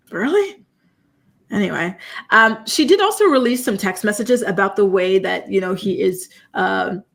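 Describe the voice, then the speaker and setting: A woman hosting a casual live-stream commentary, talking straight to her viewers. She sounds incredulous and animated, with frequent "you know" and "y'all". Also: mid-range voice. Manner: incredulous, animated, reacts to chat. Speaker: commentary channel host.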